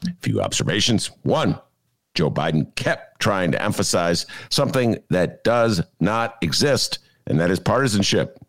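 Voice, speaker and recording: Brief: male podcast host working from home, sardonic political riffs, lots of pitch movement. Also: normal speed. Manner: sarcastic, animated. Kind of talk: political commentary monologue. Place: home apartment.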